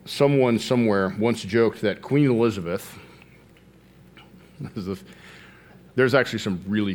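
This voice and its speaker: A man preaching a sermon, earnest, slowing down to stress key phrases and rising in pitch as he tells a story. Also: a little hiss or hum.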